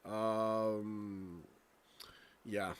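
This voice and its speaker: A man's voice: on the low side, flat delivery, extremely slow, a little hiss or hum. A young American man hosting a casual late-night livestream from home, rambling and profane, restarting his sentences often. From United States. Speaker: live stream host. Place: home, indoors.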